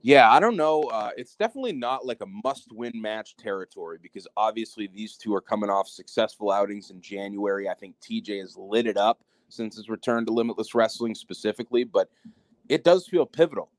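A wrestling promotion co-host with a fairly low, lively voice talks briskly on a wrestling preview podcast. The chat is casual, candid and heated, with some swearing, and the recording is dry.

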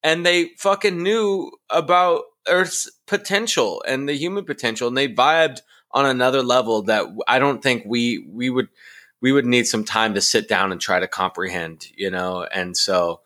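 A man's voice: medium pitch, normal speed, sharp tone. A man co-hosting a casual conspiracy podcast, talking animatedly and swearing freely. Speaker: podcast co-host.

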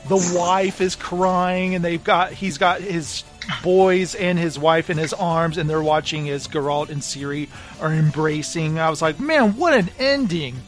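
A man's voice: on the high side, flat delivery, unhurried, soft background music. A man co-hosting a casual book talk, animatedly retelling the plot and acting out the characters' lines. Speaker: podcast co-host.

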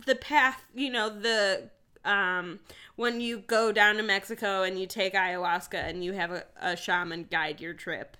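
A woman's voice: mid-range voice, fairly even intonation, a little slow, pushed and bright, clear, resonant tone. A woman co-hosting a podcast in casual chat, giggling often between her remarks. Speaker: podcast co-host.

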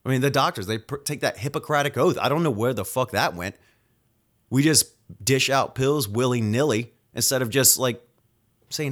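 Profane, fired-up male nurse podcaster. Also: mid-range voice. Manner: angry, profane, rapid-fire venting. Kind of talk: solo podcast rant.

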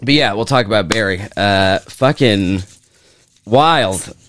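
A man's voice: lowish voice, slow, a bit bright, slight background noise. A man co-hosting a podcast, telling a profane story with lots of energy in casual chat. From Kansas, USA. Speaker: podcast co-host.

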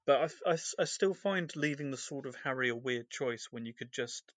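A man's voice: mid-range voice, fairly quick, fairly bright tone, no room sound. A man co-hosting a podcast, recapping a novel's chapters in a loose, rambling way full of fillers. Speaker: podcast co-host. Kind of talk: casual book discussion.

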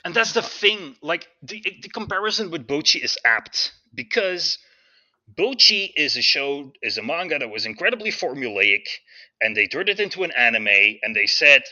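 A man co-hosting a casual podcast chat, acting out quotes from scenes in an animated way. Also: a little high, moderate pace, no room sound, highs cut off. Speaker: podcast co-host.

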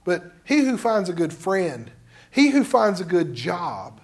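High-voiced man preaching a sermon. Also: sing-song, unhurried. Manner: conversational, direct preaching to the congregation. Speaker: pastor.

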